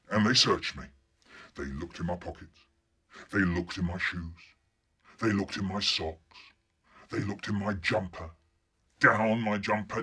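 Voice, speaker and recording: Husky, lively storyteller. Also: male voice, lowish voice. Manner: animated, acting out the scenes. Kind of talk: storytelling performance.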